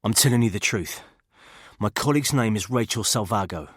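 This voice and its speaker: A man's voice: lowish voice, expressive, fairly quick, fairly bright tone, breathy edge, no echo, studio quality, voice pushed up. A man voicing a frightened English intelligence agent with a Thames Estuary accent, pleading and panicky. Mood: urgent.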